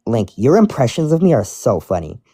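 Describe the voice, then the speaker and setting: Rambling, lively-voiced man chatting. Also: mid-range voice, fairly quick, breathy edge, dry recording, studio quality. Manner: rambling, with many restarts. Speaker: streamer reading fan mail. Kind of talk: casual chat.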